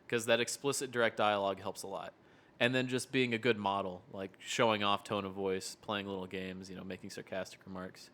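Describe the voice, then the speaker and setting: Lower-voiced man explaining things plainly. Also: little pitch movement, a little fast, fairly bright tone. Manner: explanatory, laughs easily. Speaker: behavioral therapist, podcast co-host. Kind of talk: casual podcast chat.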